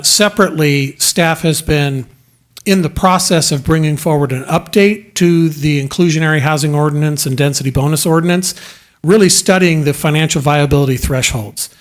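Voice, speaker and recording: A man as city legal counsel, giving careful, precise legal advice at a council meeting. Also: fairly high pitch. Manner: measured, precise, careful hedging. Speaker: city attorney.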